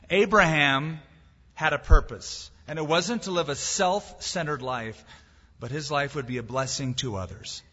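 Male preacher, emphatic sermon delivery, bright and slightly husky, recorded in a reverberant hall on dull lo-fi audio. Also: medium pitch. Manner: emphatic, with rhetorical questions and biblical quotes.

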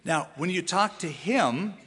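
A man preaching to his church, his voice bright and forceful with a slightly higher pitch than most men. He talks with animation and slips into the voices of the people in his stories. A long reverb trails behind him in the large sanctuary. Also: a little slow, a little hiss or hum. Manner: animated, acts out quoted voices. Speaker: pastor. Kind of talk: sermon.

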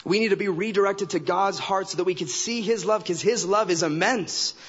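Guest preacher, male, slightly high voice; emphatic, repeats phrases; dull recording in a sanctuary. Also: fairly quick, a bit bright, breathy edge. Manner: emphatic, acts out quoted remarks in character voices. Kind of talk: sermon. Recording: dull recording with long hall reverb.

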